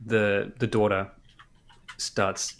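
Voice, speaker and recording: A man's voice: on the low side, flat delivery, drawn-out words. A man co-hosting a casual podcast chat, making wry jokey asides. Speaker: podcast co-host.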